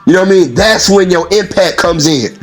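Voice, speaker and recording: A man talking casually and at length, telling everyday stories in an animated way, acting out other people's voices and laughing often. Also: high voice, brisk. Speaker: speaker in a played clip. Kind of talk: casual storytelling monologue.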